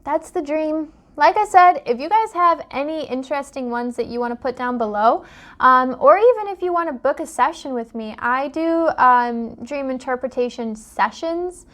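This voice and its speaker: Young woman coach ranting to camera, high voice, gets all fired up, keeps asking why. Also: animated, moderate pace, fairly bright tone. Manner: impassioned, full of rhetorical questions. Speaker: life coach and dream interpreter. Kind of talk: direct-to-camera vlog monologue.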